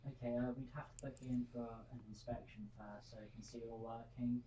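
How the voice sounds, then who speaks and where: Young repair shop assistant at the counter, patient explainer, mid pitch, heard from across the room. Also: little pitch movement, quick pace, dark tone. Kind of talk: casual customer service chat. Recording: echoey room, from far off, noisy.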